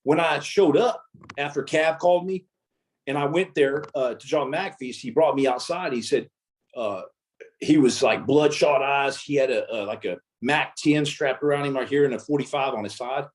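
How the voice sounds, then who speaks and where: A man's voice: mid-range voice, moderate pace. A man, a former Navy SEAL guest, telling war stories in a casual interview and acting out the dialogue. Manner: animated storyteller, acts out quoted dialogue.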